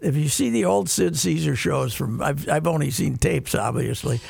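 A man's voice: on the high side, moderate pace, creaky, darkish tone, husky, no echo. An older man chatting casually as co-host, rambling with frequent restarts. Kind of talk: casual chat.

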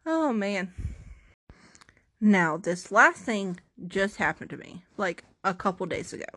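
A woman's voice: mid-range voice, very animated, slow, fairly bright tone. A young woman vlogger telling a story to camera in a casual, rambling, self-mocking way, full of dramatic asides and restarts.

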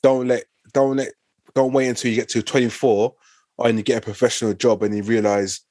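A man's voice: mid-range voice, flat delivery, fairly quick, warm tone, no room sound. A man in casual podcast chat, earnest and opinionated, restarting his sentences often.

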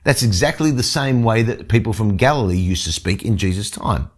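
A man's voice: on the low side, lively intonation, a little fast. A man reading a scripture passage and then explaining it in an earnest teaching style, often restarting his sentences. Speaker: Bible teacher.

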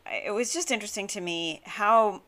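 A woman's voice: medium pitch, brisk, fairly bright tone. A woman hosting her own podcast, telling a story in a chatty way with frequent laughs and fillers. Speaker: podcast host. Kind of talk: casual storytelling monologue; scripted show intro.

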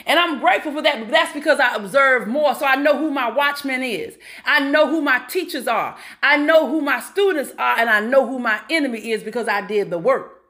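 A woman's voice: sits high, fairly quick, bright, forceful tone. A middle-aged woman giving a preachy motivational talk, calling out to listeners as y'all and honey. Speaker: motivational speaker.

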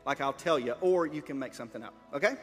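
Leading a children's skit, a man in a body mic reads a story aloud and playfully coaches the volunteers acting it out. He speaks quickly at medium pitch with a slightly bright tone, in a big-room sound with faint music behind him.

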